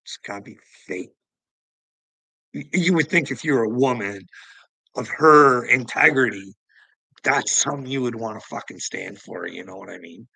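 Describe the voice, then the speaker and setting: A man talks in a loose, heated vlog rant, swearing often and chuckling between points. His voice is bright and forceful, yet gravelly with a husky edge. The sound is close and dry. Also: medium pitch, lively intonation, moderate pace, dry recording, low-quality recording. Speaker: vlogger. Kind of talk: casual ranting monologue.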